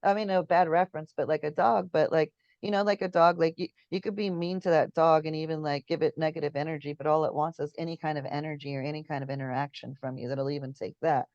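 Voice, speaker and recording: A woman's voice: low-pitched, steady tone, fast talker, hardly any pauses, a little mellow, no room sound, muffled recording. A woman in a casual spiritual chat, telling stories, acting out quotes and searching for words as she goes. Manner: chatty storyteller, acts out quotes, searches for words. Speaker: guest.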